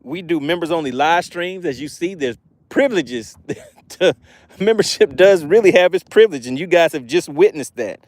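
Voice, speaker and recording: Excitable man hosting a fishing stream. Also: on the high side, moderate pace, dry recording. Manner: excitable, exclaiming often; chatty and promotional. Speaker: fishing livestream host. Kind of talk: live stream commentary, reading chat aloud.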